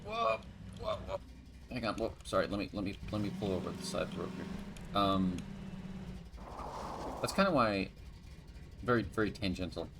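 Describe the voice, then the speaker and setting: Rambling low-voiced man chatting over a game. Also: sing-song, normal speed, gravelly, long pauses, noisy background. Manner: rambling, with many restarts and sudden bursts. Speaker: stream co-commentator. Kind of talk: casual gaming chat.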